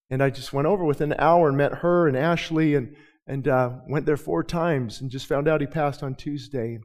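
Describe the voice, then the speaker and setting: A middle-aged male pastor preaching a sermon, moving from quiet storytelling to shouted, rising declarations. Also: a little high. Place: church sanctuary with balcony.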